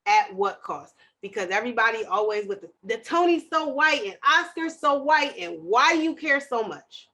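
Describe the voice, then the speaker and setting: Loud, passionate woman podcaster. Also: a little high, animated, normal speed, hardly any pauses. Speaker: podcast host. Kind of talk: casual chat.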